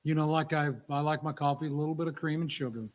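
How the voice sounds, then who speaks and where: A man's voice: a little high, flat delivery, fast talker, close to an everyday voice. A man voicing a weary young married woman who is overwhelmed and exasperated, sighing and complaining as he tells a story.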